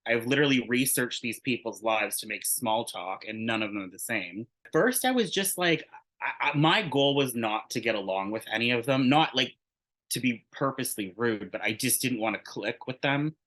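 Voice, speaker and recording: A man speaks as an interview guest in a bright, forward voice. He rambles through a candid story, stumbling into restarts and leaning hard on "like," with casual swearing along the way. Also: medium pitch, normal speed, rough recording. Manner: rambling, heavy use of "like", frequent restarts.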